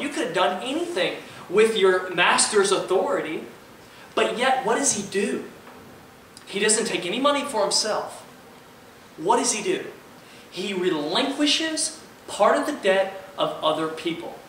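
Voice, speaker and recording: Young male preacher, bright and lively, recorded from a distance in an echoey hall. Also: high voice, normal speed. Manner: lively, asks the audience questions, acts out quoted characters. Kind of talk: sermon. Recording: echoey room, voice from far off, faint ambient noise.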